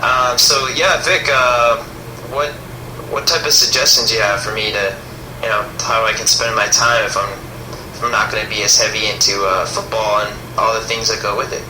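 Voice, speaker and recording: Male podcast host, laid-back and halting, echoey room with background hiss. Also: fairly low pitch, level tone. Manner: laid-back, hesitant, dry. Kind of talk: comedy call-in show hosting.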